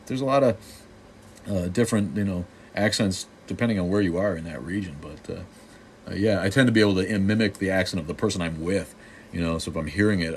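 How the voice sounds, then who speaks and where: Low-voiced, snarky man from Boston, middle-aged, hosting a loose live-stream chat. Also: slight background noise. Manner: snarky, joking, loose with many restarts. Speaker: live stream host answering viewer comments.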